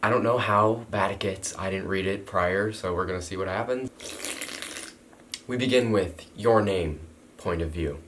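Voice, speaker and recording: A man's voice: low-pitched, moderate pace, fairly bright tone, a little hiss or hum. A man reading a fanfiction about himself aloud and acting out its lines, breaking off with amused, mocking remarks. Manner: amused, mocking asides between read passages. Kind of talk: reading aloud and reenacting a story with joking asides.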